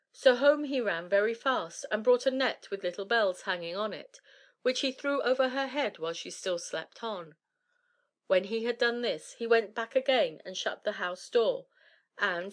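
A woman narrating an old fairy tale in a steady, measured reading voice. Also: fairly high pitch. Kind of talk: storybook reading.

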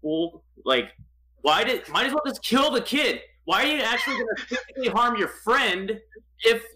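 Guy griping in a podcast chat, bright tense voice, pitch all over. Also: normal speed, slight background noise, rough recording. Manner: ranting, exasperated, animated. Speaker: podcast co-host. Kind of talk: casual chat.

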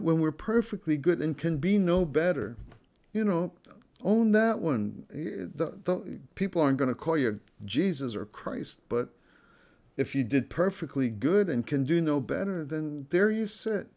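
A man's voice: on the high side, sing-song, a little mellow. A man giving an informal, earnest spoken reflection on a scripture story, often repeating phrases and restarting his sentences. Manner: earnest, unhurried, conversational.

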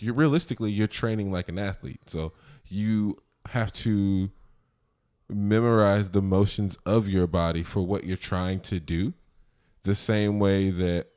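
Low-voiced guy cohosting a podcast, chill rambly chat. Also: warm tone. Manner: rambling, thinks aloud. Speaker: podcast co-host. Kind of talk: casual chat.

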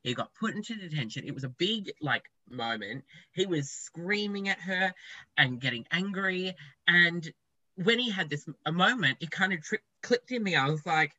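A young man, a podcast guest, telling his story in a candid, animated way with casual swearing. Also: high voice, normal speed, no room sound, muffled recording.

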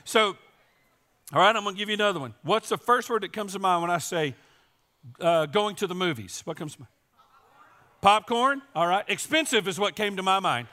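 Male pastor preaching at church, voice all squeaky and strained today, high and bright, cracking jokes at the congregation. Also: lively intonation, fairly quick. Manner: joking, playful, teasing the audience. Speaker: teaching and campus pastor. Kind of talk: Easter sermon to a live congregation. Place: church service.

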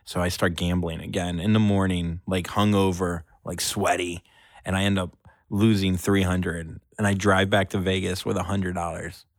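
Low-voiced man telling a rambling story. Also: level tone, normal speed, no room sound, clean studio sound. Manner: rambling, laughs often while telling a story. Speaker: podcast co-host. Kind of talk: casual storytelling chat.

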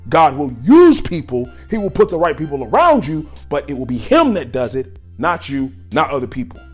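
A man preaching a sermon on gratitude in an exhorting way, moving from low talk to loud shouts. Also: sing-song, normal speed, breathy edge, faint music behind.

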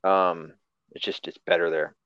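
A man's voice: sits low, flat delivery, moderate pace, no room sound, muffled recording. A man hosting a casual podcast chat, loose and profane, laughing often. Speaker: podcast host.

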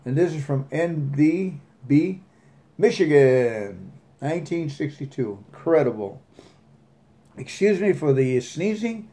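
A man hosting a podcast, reading a recovery story aloud and chatting earnestly, with halting restarts. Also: fairly high pitch, big pitch swings, mellow. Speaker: podcast host.

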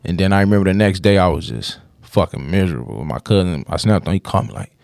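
A man's voice: deep voice, fast talker, creaky, few pauses, a little mellow, no echo, clean studio sound. A man candidly telling a rambling personal story in casual podcast talk, with plenty of cursing.

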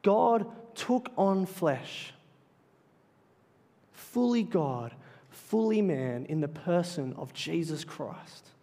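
A male pastor preaching a sermon in a church, earnest and emphatic, slowing down to stress key phrases. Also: a little high, animated, warm tone. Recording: long reverb of a large hall.

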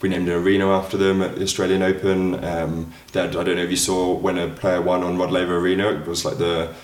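A man in casual chat, relaxed and hedging, full of "like" and "kind of". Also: sits low, fast talker, roomy sound.

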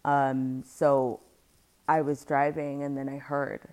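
A woman telling a personal story in a candid, earnest, halting way, sometimes dropping to a near-whisper. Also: a bass voice, flat delivery, darkish tone. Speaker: storyteller sharing a personal experience.

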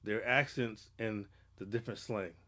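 A man from Massachusetts co-hosting a podcast, telling loose, animated stories full of slang and swearing. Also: fairly low pitch, moderate pace. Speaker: podcast co-host. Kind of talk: casual chat.

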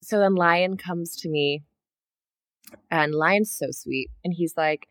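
Lowish-voiced woman telling a story. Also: takes it slowly, no echo, clean studio sound. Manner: animated, swears freely, acts out her own reactions. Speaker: podcast co-host. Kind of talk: casual storytelling chat.

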